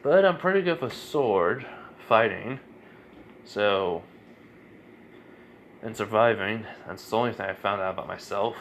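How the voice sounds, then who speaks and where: A man's voice: fairly low pitch, expressive, unhurried, long pauses, fairly bright tone, a little hiss or hum. A man voicing an easygoing young swordsman with lost memories, talking casually in a fan story. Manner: casual, laid-back.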